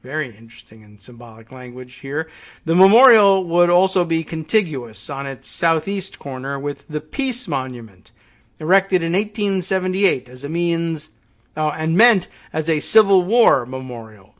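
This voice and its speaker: A man hosting a talk show, reading an article aloud slowly and deliberately, then breaking off into quiet, halting asides. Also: on the high side, animated. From United States. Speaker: podcast host.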